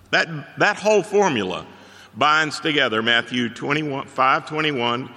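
A man's voice: mid-range voice, expressive, slow, bright, forceful tone, in a large hall. A man preaching a sermon like a lecture, emphatic, with wry joking asides.

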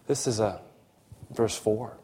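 A man's voice: lowish voice, takes it slowly, slight background noise. A man preaching a sermon, telling a story and acting out the dialogue. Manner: animated storyteller, acts out dialogue.

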